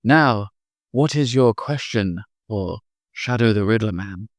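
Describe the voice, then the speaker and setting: Dad doing a solemn riddle-talking shadow monster, lively ups and downs, dry close sound. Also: male voice, on the low side, takes it slowly, no echo. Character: mysterious shadow creature who speaks in riddles. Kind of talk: improvised bedtime storytelling.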